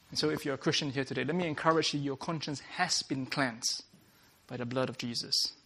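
A male preacher with a gravelly, creaky voice delivers an earnest sermon at a mid pitch. He often restarts a phrase and opens lines with "uh," restating each point as he goes. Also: fairly quick, sharp tone.

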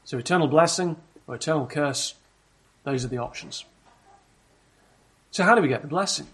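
Husky-voiced man preaching a sermon. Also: on the high side, fairly bright tone. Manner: measured, explanatory preaching with rhetorical questions.

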